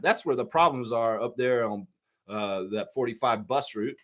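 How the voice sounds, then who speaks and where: A man hosting a live sports stream, talking in a rambling, excitable way and laughing often. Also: medium pitch, normal speed. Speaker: podcast host. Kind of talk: casual live-stream chat.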